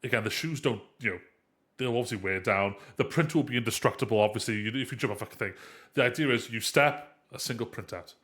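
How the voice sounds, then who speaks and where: A man's voice: medium pitch, quick pace, fairly bright tone. A man hosting a casual live podcast, his voice congested and nasal-sounding. He rambles playfully, stumbling and restarting as he puts questions to his guests. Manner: rambling, self-correcting, playful. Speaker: podcast host.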